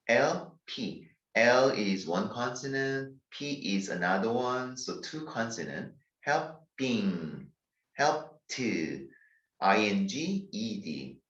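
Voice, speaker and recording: A man with a Korean accent teaching English spelling, talking slowly and deliberately and spelling words out letter by letter. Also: on the low side, a bit bright. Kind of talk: grammar lecture. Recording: distant, dull, echoey room recording.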